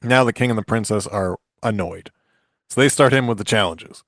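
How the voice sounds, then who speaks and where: A man in his forties, his voice fairly low and a bit bright, casually retells a fairy tale on a podcast at a moderate pace. Jokey and quick to laugh, he restarts often during this comic, chatty retelling, recorded in an echo-free studio.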